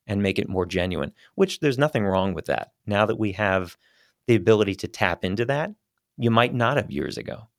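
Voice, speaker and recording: A man who works as a voice actor, chatting in a relaxed, rambling way as an interview guest on a studio microphone. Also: lowish voice, dry recording. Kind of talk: casual interview chat. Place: small studio.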